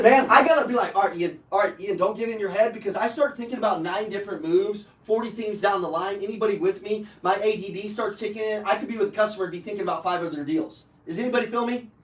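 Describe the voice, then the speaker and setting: High-voiced, brash male sales coach. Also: fairly quick, roomy sound, distant mic, poor audio. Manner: brash, profane, fired-up coaching, bursts into shouting. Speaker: sales trainer. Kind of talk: live motivational sales training. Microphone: online video call.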